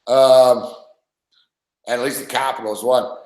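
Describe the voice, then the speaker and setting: A man's voice: mid-range voice, a little slow, echoey room. A man hosting a casual sports talk show, telling stories and acting out quotes with laughs and swearing. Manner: animated storyteller, acts out quotes with swearing and laughs. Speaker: podcast host.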